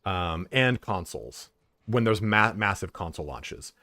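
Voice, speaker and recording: Low-voiced man telling rambling stories. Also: expressive, a little slow, sharp tone, no echo. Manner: rambling storyteller with frequent swearing and filler words. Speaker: streamer. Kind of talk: casual livestream chat.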